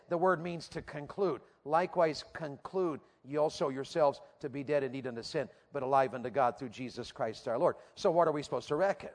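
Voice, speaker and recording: A man's voice: fairly high pitch, a little fast, few pauses. A man preaching a sermon to teenagers, asking emphatic, repeated rhetorical questions. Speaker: youth preacher. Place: church platform before a youth audience.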